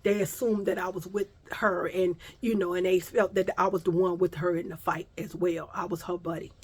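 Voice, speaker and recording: A woman casually telling a profane, animated story, acting out the other people's voices. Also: on the low side, normal speed, breathy edge.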